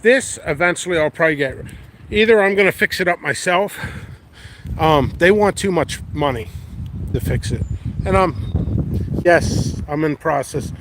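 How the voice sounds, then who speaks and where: A man's voice: fairly high pitch, normal speed, pauses often. A man hosting a casual walking vlog in his windy backyard, rambling easily and thinking aloud. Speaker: pepper grower and channel host. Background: light wind and outdoor noise.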